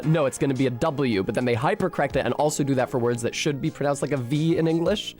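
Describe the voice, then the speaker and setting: A streamer rambles casually while playing a game, animated and swearing freely. His voice sits a little high for a man. Soft music plays under the talk. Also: fairly quick. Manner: animated, profane and chatty.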